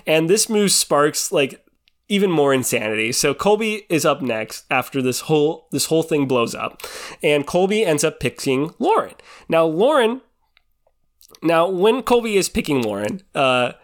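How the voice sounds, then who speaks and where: A man's voice: fairly high pitch, big pitch swings, measured pace. Chatty young man rambling with laughs. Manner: chatty, rambling, heavy on filler words like "like" and "you know"; laughs often while talking. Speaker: reality TV recap vlogger. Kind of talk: casual chat.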